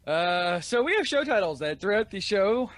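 Guy hosting a nerd podcast, kinda high voice, rambly and sweary. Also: very animated, normal speed, a loud crowd. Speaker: podcast host. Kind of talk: casual group chat and show plugs.

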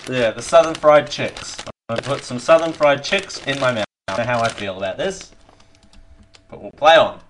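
A man hosting a casual live show, loud in his exclamations and chatty between bites. His voice sits at an ordinary male pitch, and he talks through mouthfuls of food. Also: normal speed, slight background noise. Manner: excitable, exclaiming, talking with his mouth full. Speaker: host. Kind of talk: casual live-show chat, taste-testing snacks on air.

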